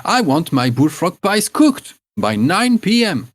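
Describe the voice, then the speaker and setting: A man voicing a bossy, shrewd old woman healer in a tabletop game, speaking high and fussy with many hesitations. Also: very animated, unhurried, no room sound, exaggerated voice.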